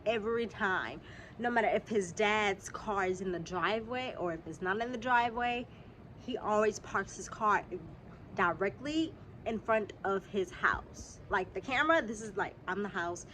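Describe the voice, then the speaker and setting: A young woman, telling a casual storytime vlog straight to her viewers. She is a little sick and keeps clearing her throat, and her talk is animated and full of swearing. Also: medium pitch, moderate pace, a little hiss or hum. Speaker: vlogger. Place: outdoors.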